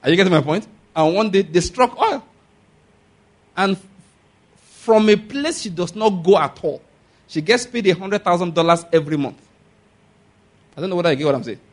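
Husky pastor preaching emphatically. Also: male voice, high-pitched, lively intonation, normal speed, long pauses. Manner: emphatic, asks the congregation for amens. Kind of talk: sermon.

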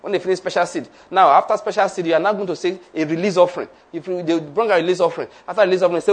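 Male preacher; higher-pitched, leads declarations in a sermon. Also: quick pace. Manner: leads the congregation in call-and-response declarations.

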